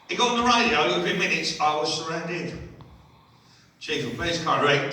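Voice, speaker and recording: A man, doing a stand-up routine in a holiday village hall, chatting with the crowd and delivering punchlines deadpan. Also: on the high side, fairly quick, a little hiss or hum. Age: 60s. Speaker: stand-up comedian. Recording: echoey hall from far off.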